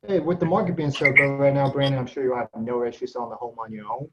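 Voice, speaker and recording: Fast-talking man on dull call audio. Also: medium pitch, steady tone, background noise. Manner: quick, correcting himself mid-line. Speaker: real estate agent practicing a script. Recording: dull video call audio with faint clicks.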